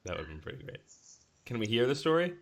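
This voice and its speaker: A man's voice: mid-range voice, very animated, fast, creaky. A man hosting a podcast in casual chat, enthusiastic, laughing often and restarting his sentences. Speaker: podcast host.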